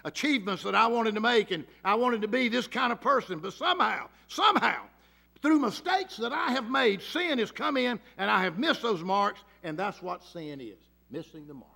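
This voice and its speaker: A man preaching a sermon, swinging from loud emphasis to hushed tones and acting out the voices in his stories. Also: high voice, lively intonation, normal speed, gravelly. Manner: acts out quoted voices in storytelling.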